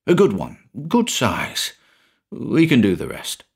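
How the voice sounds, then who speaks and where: A man voicing an older ex-chemistry teacher, blunt and boozy, with a gruff, slurring drawl and a British accent. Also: mid-range voice, wildly swooping pitch, slow, heavily acted. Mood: gruff scheming.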